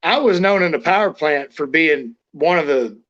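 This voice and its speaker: A man's voice: on the high side, expressive, normal speed, lo-fi sound. A man telling blunt, profane stories as an interview guest, acting out the lines he quotes. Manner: blunt, swears constantly, acts out quotes loudly. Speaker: interview guest, former wrestler. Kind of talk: casual storytelling, profane.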